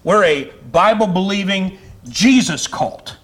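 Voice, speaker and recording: A man's voice: sits high, expressive, takes it slowly, fairly bright tone. A male pastor preaching a sermon to his congregation in a fiery, conversational way with chatty asides. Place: church sanctuary.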